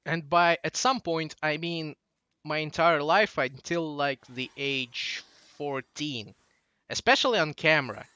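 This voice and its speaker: A man's voice: fairly high pitch, measured pace, bright, forceful tone, clean tone, no echo, highs cut off. A young man in his late teens with a Russian accent, rambling through a casual monologue that drifts off track. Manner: digressive, loses his train of thought. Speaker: channel host.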